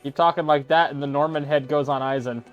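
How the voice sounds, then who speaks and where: A man's voice: a little high, steady tone, fast, lo-fi sound. Joking man rambling through a co-op game. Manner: rambling, jokey, does silly voices. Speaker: game streamer. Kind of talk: casual co-op gaming chat. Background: game music.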